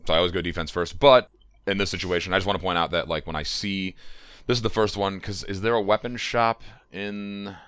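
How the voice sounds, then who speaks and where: A man's voice: sits low, steady tone, brisk, fairly bright tone, clean tone, dry recording. A man co-hosting a casual gaming podcast, rambling enthusiastically with lots of "uh" and "like". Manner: rambling, many fillers, enthusiastic. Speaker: podcast co-host. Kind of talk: casual chat.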